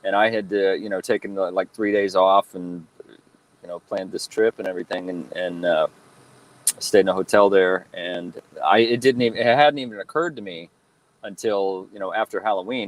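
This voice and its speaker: A man in his thirties, a guest telling stories in a relaxed interview, rambling with lots of fillers and restarts. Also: low voice, normal speed, poor audio. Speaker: guest, fan-film actor and cosplayer. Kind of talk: casual interview chat.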